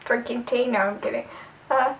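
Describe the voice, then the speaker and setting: A woman's voice: on the high side, steady tone, normal speed, recorded from a distance, lo-fi sound. A young woman with a southern English accent, chatting casually through a tag video with lots of fillers. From southern England. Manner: chatty, rambling, filler-heavy. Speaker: vlogger.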